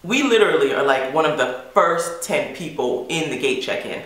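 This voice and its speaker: A woman's voice: low-pitched, lively intonation, normal speed, a bit bright. A woman vlogger casually telling a story to her camera, chatty and full of "like" fillers. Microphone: camera mic. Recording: echoey room.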